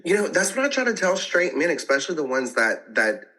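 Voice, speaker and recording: Bright-voiced man, animated interview guest. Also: a little high, a little fast, poor audio. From American South. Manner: animated, laughs often, frequent restarts. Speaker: podcast guest. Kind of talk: casual podcast interview.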